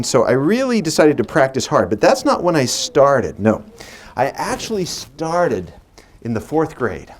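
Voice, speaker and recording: Man in his forties, magician's stage patter, playful and teasing, animated melodic voice, stage microphone. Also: mid-range voice. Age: 40s. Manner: playful and chatty, teasing the audience. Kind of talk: live stage patter with storytelling.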